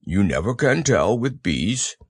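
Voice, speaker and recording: A man voicing a gentle, slow-witted male teddy bear in a storybook, with a slow, ponderous, musing delivery. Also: lowish voice, big pitch swings, breathy edge, no echo, clean studio sound, exaggerated voice. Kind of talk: storybook character voice.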